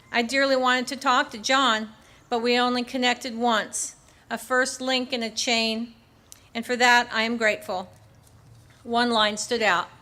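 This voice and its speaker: An older woman giving a keynote speech at an outdoor memorial ceremony in a park. She speaks earnestly and in a measured way, reading parts from her book with a few small restarts. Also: a little high, sharp tone. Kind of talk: public speech partly read from her book.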